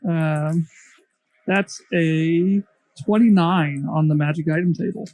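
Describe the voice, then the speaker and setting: A man playing a high-voiced mustached beholder. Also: steady tone, takes it slowly, darkish tone. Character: mustached male beholder, playful.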